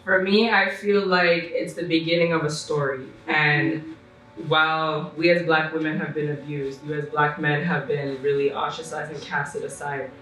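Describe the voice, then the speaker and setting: A woman's voice: sits low, level tone, moderate pace, fairly bright tone. A woman speaking with passion and urgency as a guest in a casual group chat. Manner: impassioned, urgent. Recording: echoey room from a distant mic, faint music.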